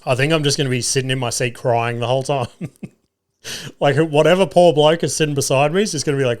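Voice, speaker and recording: A young Australian man hosting his podcast, telling a story in a casual, profane, animated way and acting out the people in it. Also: medium pitch, quick pace. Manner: animated, profane, acts out voices of others. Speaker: podcast host.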